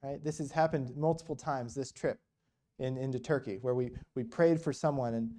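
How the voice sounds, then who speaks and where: A man's mellow voice, medium in pitch, stays steady at a normal speed. He is a church's guest speaker telling stories in sermon form, conversationally, with lots of rhetorical questions and "you know."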